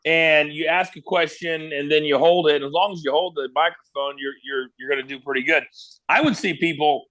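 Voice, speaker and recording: A man's voice: a little high, a little fast. A man from Kansas, a former wrestling broadcaster, telling stories as a guest and acting out the quotes. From Kansas, USA. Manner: animated storyteller who acts out quotes. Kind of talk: casual interview storytelling.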